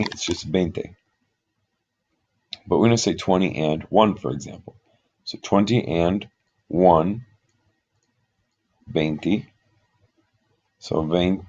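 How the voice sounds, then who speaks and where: A man's voice: deep voice, darkish tone, dull audio. A man teaching Spanish numbers, patient and methodical, explaining step by step. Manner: slow, patient, talks through examples step by step. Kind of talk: explaining at a board.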